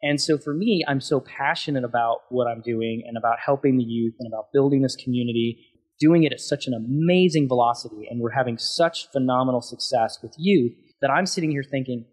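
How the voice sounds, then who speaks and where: A man's voice: medium pitch, a little fast, a little mellow. A man speaking as a guest on an interview podcast, passionate and emphatic as he talks through his thoughts.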